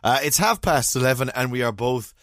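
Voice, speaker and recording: A man's voice: mid-range voice, fairly quick, no room sound, studio quality. Tired, playful man hosting. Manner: playful, teasing, animated. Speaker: podcast host. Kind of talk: casual chat. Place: home studio playroom.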